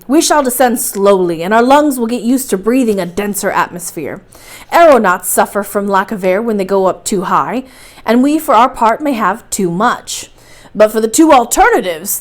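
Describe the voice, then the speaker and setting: A woman's voice: medium pitch, close to an everyday voice. A woman reading aloud and voicing an enthusiastic older male professor in a storybook, speaking with emphatic declaiming delivery.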